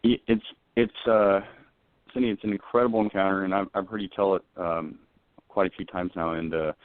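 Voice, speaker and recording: A man's voice: sits low, fairly even intonation, a little fast, dry recording. A man hosting a radio interview, speaking hesitantly with many fillers and encouraging his guest. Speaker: radio show host. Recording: dry, phone-like radio line.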